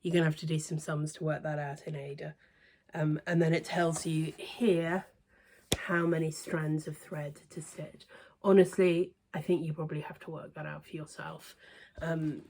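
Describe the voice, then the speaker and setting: A woman reviewing cross stitch books in a casual, hesitant way, trailing into quiet near-whispered asides. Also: low voice, flat delivery, moderate pace. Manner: chatty, hesitant with many ums, softens to near-whisper asides. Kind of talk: casual show-and-tell review.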